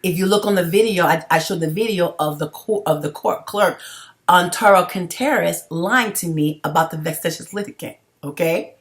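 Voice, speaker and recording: A woman's voice: on the low side, moderate pace. A middle-aged woman talking straight to her viewers in a personal vlog, emphatic and repetitive, often checking in with "okay?". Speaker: vlogger.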